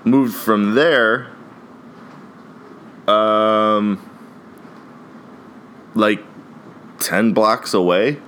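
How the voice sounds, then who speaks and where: A man's voice: fairly low pitch, fairly even intonation, drawn-out words, long pauses, fairly bright tone, a little hiss or hum. A man in his mid-twenties from Ohio, hosting a casual solo podcast, rambling with lots of "like" and "dude", swearing and laughing often. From Ohio, USA. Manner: frequent fillers "like" and "dude". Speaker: podcast host.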